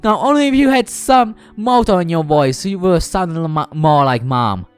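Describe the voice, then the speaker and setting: A man's voice: a little high, expressive, normal speed, clear, resonant tone, soft background music, close to an everyday voice. A man voicing a bossy teenage girl, the club president, who nags her brother in a pleading tone. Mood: teasing. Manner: pleading, nagging.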